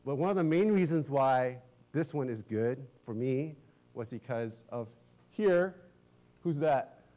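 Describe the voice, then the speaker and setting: A man's voice: medium pitch, unhurried. Chatty middle-aged male pastor. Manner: chatty, animated, self-correcting, laughs often. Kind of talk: casual storytelling sermon.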